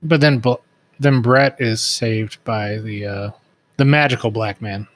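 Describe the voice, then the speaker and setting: A man's voice: fairly low pitch, a little slow. A man co-hosting a podcast, offering dry, wry comments on a book in loose, casual chat. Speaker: podcast co-host.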